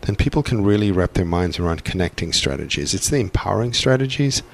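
Gravelly and low-pitched, with big pitch swings and a quick pace, this man is a parent speaking as a podcast guest. He explains his views earnestly in a reflective, conversational way, thinking aloud and frequently starting sentences over.

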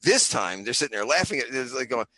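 A middle-aged man talks fast on a remote call, his voice bright and lively. He jokes and rambles from one tangent to the next and slips into other people's voices for his stories. The sound is dry and close to the mic. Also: medium pitch, dry recording. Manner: jokey, goes off on tangents, puts on voices in anecdotes. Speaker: podcast guest, comic creator. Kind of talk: rambling comic storytelling. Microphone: remote call, camera off.

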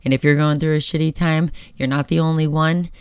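A woman's voice: deep voice, steady tone, brisk, a little mellow, clear, resonant tone, no room sound, studio quality. A young woman hosting a solo podcast, talking candidly and motivationally and swearing freely. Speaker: podcast host. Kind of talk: casual solo podcast talk.

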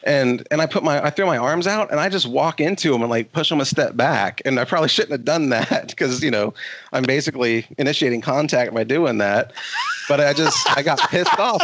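A man co-hosting a podcast, telling a story with a lively voice that swings up and down in pitch. He swears freely and often restarts his sentences. The sound is close and dry. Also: no echo. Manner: animated, profane, lots of restarts. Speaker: podcast host. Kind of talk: casual storytelling.

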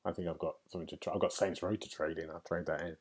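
A man's voice: low voice, steady tone, rapid-fire, breathy edge. A man hosting a casual gaming podcast chat, rambling with lots of fillers and restarts. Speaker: podcast host.

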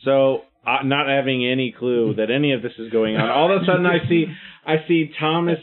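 A man playing in a tabletop game who jokes and swears in casual chat. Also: medium pitch. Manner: quick, joking, often swearing. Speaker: player. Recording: tinny phone-like line.

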